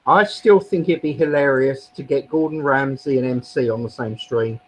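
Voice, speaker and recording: A man's voice: medium pitch, moderate pace, slight background noise, low-quality recording. A man in casual chat, arguing his points bluntly. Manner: argumentative, blunt.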